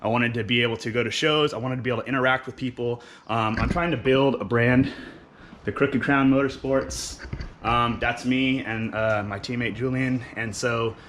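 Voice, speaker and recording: A man's voice: mid-range voice, moderate pace, a little hiss or hum. A young man giving a casual, rambling walkthrough of his engine in his home garage, with plenty of ums. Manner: relaxed, rambling with many ums. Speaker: car builder showing his engine.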